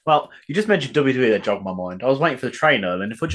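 Laid-back man with lively pitch. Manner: laid-back, sweary, quick dry remarks. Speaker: podcast co-host. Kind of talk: casual chat.

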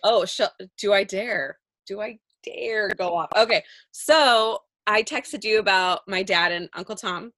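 A woman's voice: medium pitch, unhurried, hardly any pauses, a bit bright, no echo, studio quality. A woman co-hosting a podcast, chatting casually, rambling through stories and laughing often. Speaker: podcast co-host. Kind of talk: casual chat.

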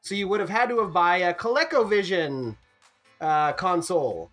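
A man's voice: sits high, animated, moderate pace, over loud music. A man co-hosting a podcast in casual chat, rambling and jokey with lots of fillers. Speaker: podcast co-host.

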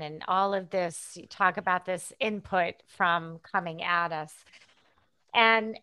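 Woman interviewer, bright and eager, dry sound. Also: medium pitch, clear, resonant tone, dry recording. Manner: enthusiastic, animated questions. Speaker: interview host. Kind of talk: interview conversation.

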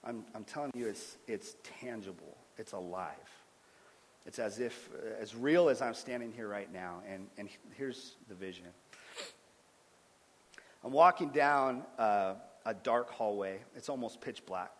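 A man in his thirties giving an earnest sermon-style testimony as a guest speaker, swinging between loud and hushed. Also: on the low side, a little slow. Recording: long hall reverb.

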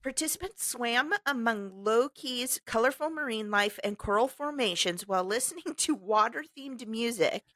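A woman's voice: on the high side, lively intonation, moderate pace, hardly any pauses, bright, forceful tone, no echo. A woman co-hosting a podcast, reading a news story aloud with sarcastic asides and frequent laughter. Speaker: podcast co-host.

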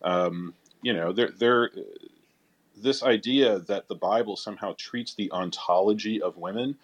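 A man co-hosting a podcast, explaining Bible passages in a measured, casual way. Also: on the low side. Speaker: podcast co-host answering Bible questions.

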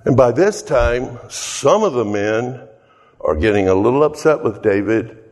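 A man's voice: mid-range voice, sing-song, measured pace, a little mellow. A man preaching a sermon, telling a story earnestly and asking the listeners rhetorical questions. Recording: echoey hall.

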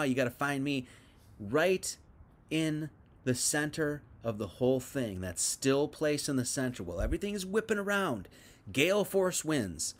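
Animated man preaching a casual sermon. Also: mid-range voice. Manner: reads scripture then paraphrases it in casual speech; animated, swinging between loud and hushed. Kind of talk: informal livestream sermon.

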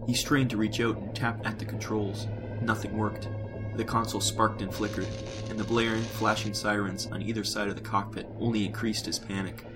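Low-voiced male sci-fi narrator over music. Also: flat delivery, poor audio. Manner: measured, descriptive. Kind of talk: scripted sci-fi audiobook narration.

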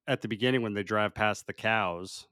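A man's voice: lowish voice, sharp tone, no room sound, studio quality. A man co-hosting a podcast in casual chat, amused and talkative. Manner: chatty, amused, quick to laugh. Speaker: podcast co-host.

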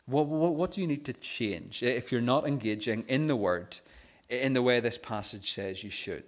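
Male pastor, earnest sermon, frequent stammered restarts, mid pitch. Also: moderate pace. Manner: stammering restarts on first sounds; earnest, drops softer on key phrases.

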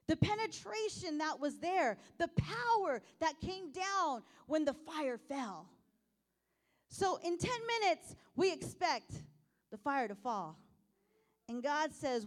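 A woman preaching a sermon, laughing often and asking the audience questions, going from soft asides to loud exclamations. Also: high voice, animated, measured pace.

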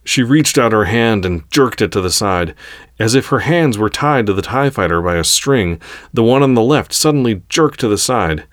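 A man narrates a space adventure story at an even, unhurried pace. His voice sits very low in pitch. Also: dry recording.

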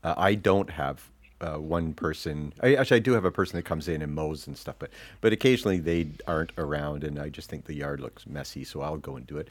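A very deep-voiced man co-hosting a podcast in relaxed, joking chat. He laughs easily and keeps things loose. His voice sounds dry and close, with no room echo. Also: fast. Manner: laughs often, jokey. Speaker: podcast co-host. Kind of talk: casual chat.

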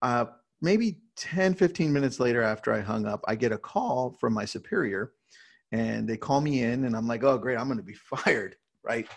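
A man who leads a real estate team, talking casually in an interview and telling energetic stories with frequent "right?" tags. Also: medium pitch, normal speed, vocal fry.

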